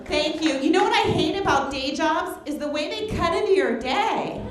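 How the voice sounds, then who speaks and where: A woman's voice: extremely high pitch, lively intonation, moderate pace. A woman stand-up comedian on a club stage, delivering sarcastic, punchy jokes into a handheld mic. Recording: echoey club with crowd laughter. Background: audience laughter.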